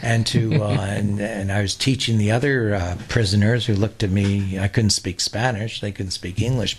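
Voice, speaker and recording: A man's voice: fairly low pitch, slightly rough. A man in his sixties from New York, a guest telling rambling anecdotes in a loose, chatty way full of "uh" and restarts. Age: 60s. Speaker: interview guest.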